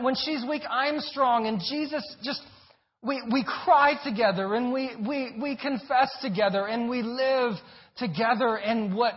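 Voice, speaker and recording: High-voiced earnest male preacher. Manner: earnest, emphatic, repeats words and phrases. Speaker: pastor. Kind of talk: sermon. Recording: dull, lo-fi recording.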